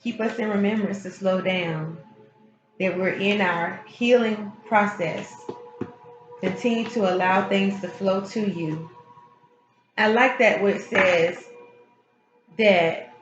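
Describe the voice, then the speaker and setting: Woman tarot reader, mid-pitched, frank and emphatic, repeats her points; roomy, slightly dull recording with music under it. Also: steady tone, slow, long pauses. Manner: emphatic, frank, repeats key phrases, mild swearing. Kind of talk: casual spiritual tarot reading. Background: background music.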